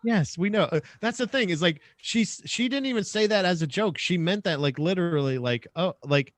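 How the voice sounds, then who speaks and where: A man's voice: high voice, lively intonation, moderate pace, dry recording. A man co-hosting a podcast, trading crude, self-mocking banter in a casual chat. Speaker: podcast co-host.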